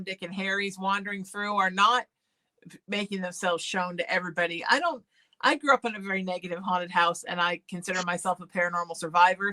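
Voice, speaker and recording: Bright-voiced woman hosting a call-in show. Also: medium pitch. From Irish heritage. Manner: warm, soothing, calls people sweetie. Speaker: psychic medium show host. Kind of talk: call-in spiritual talk show.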